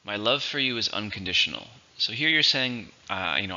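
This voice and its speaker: A man teaching English vocabulary, going through each word methodically and repeating it slowly for its syllables and stress. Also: on the low side, animated, sharp tone, muffled recording. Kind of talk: vocabulary lesson.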